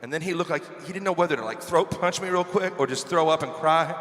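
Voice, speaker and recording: A man's voice: a little high, quick pace, a bit bright. A man in his forties, a bar singer chatting and telling stories to the crowd between songs, on a stage microphone. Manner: chatty, joking storyteller working the crowd. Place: bar stage with live band. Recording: echoey live bar room with music. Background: band music and guitar.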